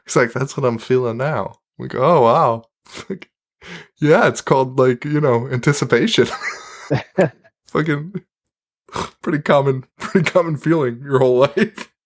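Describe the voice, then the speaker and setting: A man co-hosting a movie podcast talks in a loose, casual way, cursing and laughing often. He keeps slipping into quick impressions of lines from the film. His voice sits at an ordinary middle pitch. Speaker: podcast co-host. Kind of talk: casual chat recapping a movie.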